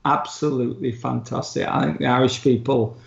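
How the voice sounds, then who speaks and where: A man's voice: mid-range voice, steady tone, brisk, creaky. A man co-hosting a podcast, casually telling a travel story with laughs and the odd swear. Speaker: podcast co-host. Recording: roomy, dull-sounding recording.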